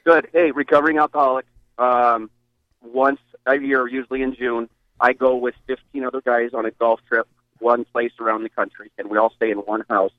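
A man calling in to a radio show, friendly and measured, over a dull lo-fi phone line. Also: medium pitch, steady tone, dry recording. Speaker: radio caller. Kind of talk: phone-in chat.

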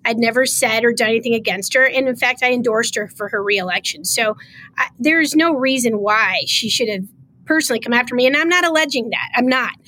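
A middle-aged woman with a fairly high voice talks in a political interview. She speaks with emphatic, impassioned conviction. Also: brisk, pushed and bright, poor audio. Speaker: state comptroller, guest.

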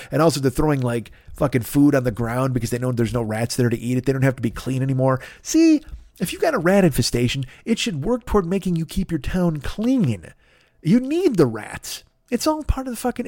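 Guy with a high voice cussing his way through a rambling comic rant, laughs at his own bits, dry close mic. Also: a little mellow, no room sound. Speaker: comedy podcast host. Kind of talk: riffing comedic monologue.

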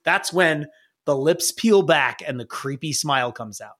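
A man runs a tabletop game, his voice high for a man and swinging widely in pitch. He narrates in a playful way and laughs easily. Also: expressive, unhurried, a bit bright. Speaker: game master.

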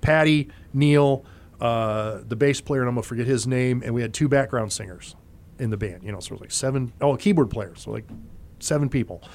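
A man, a former concert monitor engineer, telling stories in a relaxed interview and acting out other people's lines as he goes. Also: mid-range voice, fairly quick. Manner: animated raconteur, acts out other people's lines. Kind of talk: casual storytelling in an interview.

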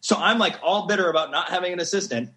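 A man in his thirties, a podcast guest, telling a story in a casual, animated, gushing way and acting out the quotes. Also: high voice, quick pace, a little hiss or hum.

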